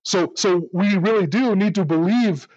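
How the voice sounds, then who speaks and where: Man preaching, earnest, high voice, stumbles over words at the start of phrases, dry dull sound. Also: moderate pace, a little mellow, no room sound. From United States. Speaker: pastor. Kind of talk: sermon.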